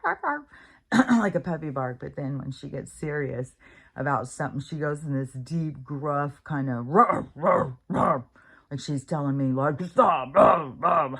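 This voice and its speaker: A middle-aged American woman talking at home in a meandering, casual way, with many fillers and restarts. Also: deep voice. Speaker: vlogger. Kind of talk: casual rambling monologue. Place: at home, with her dog nearby.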